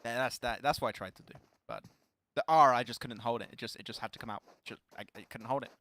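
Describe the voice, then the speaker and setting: A young man with a French accent, a French speaker commentating live on a mobile game tournament, playful and laughing easily, climbing into excited calls on big plays. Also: mid-range voice, fast, dry recording. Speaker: esports caster.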